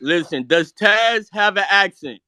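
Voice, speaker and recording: A man from New York arguing back defensively on a call-in, stumbling over his words and hitting back with questions. His voice is bright and tense and sits slightly high, with a dry, close sound. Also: expressive, a little slow, smooth, no echo. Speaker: caller. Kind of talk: heated argument.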